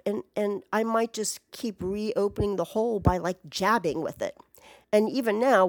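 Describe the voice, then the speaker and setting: A woman telling a rambling, excitable story at home in a casual way, swearing freely as she goes. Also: fairly high pitch, no room sound, studio quality. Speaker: vlogger.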